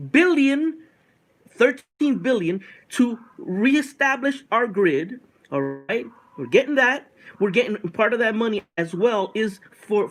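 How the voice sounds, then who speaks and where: Middle-aged male vlogger from Puerto Rico, high voice, very animated swings, emphatic direct address. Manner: emphatic, repetitive, talks straight to viewers. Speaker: political vlogger. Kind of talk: casual opinion vlog to camera. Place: home by a window.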